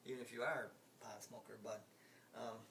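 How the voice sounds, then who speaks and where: The speaker is an American man in his sixties vlogging, his voice lowish, gravelly and a bit bright, level in tone and normal in speed. He rambles casually, restarting often, repeating for emphasis and swearing now and then, recorded with hiss from some distance off the mic.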